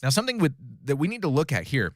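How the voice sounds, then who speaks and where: A man's voice: fairly high pitch, huge pitch swings, fast, no echo, studio quality. A man teaching a casual Bible study, talking through a passage conversationally with frequent fillers, self-corrections and "right?" check-ins.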